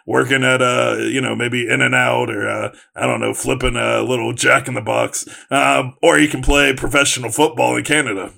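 A man with a gravelly, fry-heavy voice and a bright edge talks sports in a loose, rambling podcast chat. He is sarcastic and leans on plenty of filler words. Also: mid-range voice. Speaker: podcast co-host.

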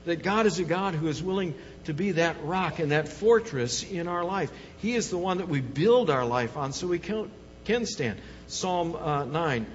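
A man's voice: fairly high pitch, slight background noise. A man preaching a sermon as a pastor, emphatic and repetitive in his cadence. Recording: dull, long hall reverb.

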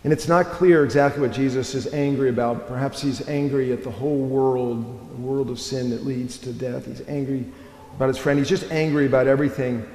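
A man preaching a sermon as pastor, telling a personal story in a slow, reflective way with long pauses. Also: mid-range voice, steady tone, darkish tone. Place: church. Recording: echoey church hall.

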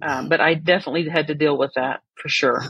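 A woman's voice: low-pitched, fairly even intonation, quick pace, a bit bright, slightly rough, dry recording, dull audio. A woman who is a guest on a podcast interview, telling her personal story in an earnest, reflective way. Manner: earnest and reflective, laughs often.

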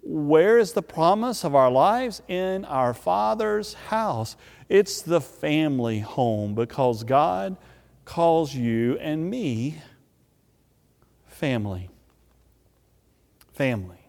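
A man preaching a sermon, speaking emphatically and repeating key words with drawn-out pauses. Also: on the high side, animated, gravelly, darkish tone. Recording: long reverb of a large hall.

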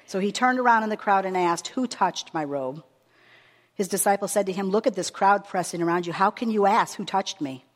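A woman preacher giving a sermon with a long scripture reading, earnest and measured, stressing her words as she reads aloud. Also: mid-range voice. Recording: long reverb of a hall.

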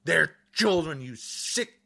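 A man's voice: fairly high pitch, expressive, slow pace, gravelly. A man delivering an angry political rant to camera, agitated and repeating insults as he talks. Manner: furious, repetitive, shouting insults. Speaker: podcaster.

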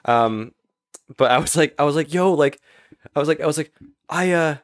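A young man chatting casually as a podcast guest, telling stories quickly and cutting himself off often. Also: fairly high pitch, dry recording. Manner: quick, animated storytelling with frequent self-interruptions. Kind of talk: casual chat.

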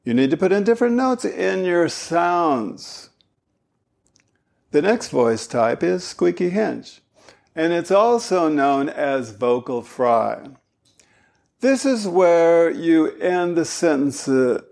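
A man giving a spoken lesson as a voice coach, animated and demonstrative. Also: on the high side, unhurried. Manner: animated, demonstrating vocal styles.

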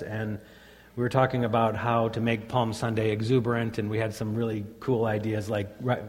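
A man in his fifties, a pastor, reading scripture and then preaching in a plain, conversational way. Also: mid-range voice. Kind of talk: sermon. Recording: long reverb of a church hall.

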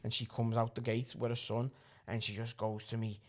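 A man, telling a rowdy story on a podcast, animated and breaking into shouting and laughter. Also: medium pitch, normal speed. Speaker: podcast host.

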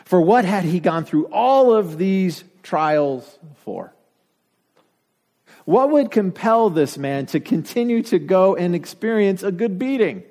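A man's voice: high voice, lively intonation, slow, a little mellow. A man from Denver preaching a sermon, full of rhetorical questions and dry asides. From Denver, United States. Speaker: pastor. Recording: long reverb from a hall.

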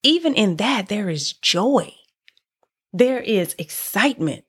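A woman's voice: mid-range voice, lively intonation, slow, a bit bright, husky. A woman hosting a podcast, giving an earnest devotional teaching and telling a story expressively, often restarting her phrases. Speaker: podcast host teaching on faith.

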